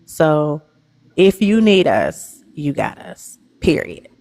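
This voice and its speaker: A woman's voice: low voice, very animated, slow. A woman hosting a casual, heartfelt chat, affirming her guest and laughing often, with speech. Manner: warm, affirming, laughs often, Southern Black American vernacular. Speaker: host.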